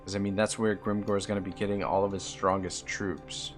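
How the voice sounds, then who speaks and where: A fairly low-pitched man with an East Coast Canadian accent talks through a strategy game on a live stream. He thinks aloud about his plans and lets out a curse when things go wrong. Faint game music plays behind him. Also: little pitch movement, brisk. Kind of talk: live gameplay commentary.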